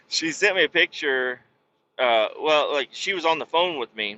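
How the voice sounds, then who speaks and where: Cursing trucker, bright and lo-fi. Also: male voice, fairly high pitch, a little hiss or hum. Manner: rambling, profane, curses at his truck. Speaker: truck driver. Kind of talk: casual vlog while driving. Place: truck cab on the road. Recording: dull lo-fi sound.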